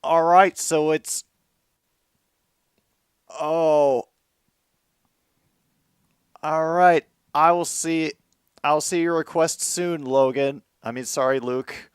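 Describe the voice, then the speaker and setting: A man hosting casual live commentary on a football game, moving from dry asides to excited outbursts. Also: on the high side, very slow, pauses often, clear, resonant tone, no room sound.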